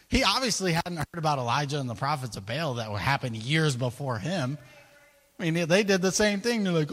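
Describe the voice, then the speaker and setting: Animated man preaching a sermon. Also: a little high, a little fast, in a large hall. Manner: animated, storytelling, laughs often.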